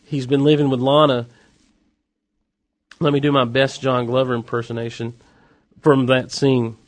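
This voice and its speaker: A man's voice: medium pitch, moderate pace, no echo. Chatty man recapping an episode, dry sound. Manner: chatty, animated, wry asides.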